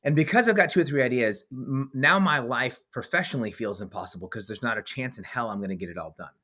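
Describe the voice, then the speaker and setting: A man's voice: medium pitch, fast, pushed and bright. A man hosting a podcast as author and coach, talking in a blunt, emphatic way with vivid swearing. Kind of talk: casual podcast conversation.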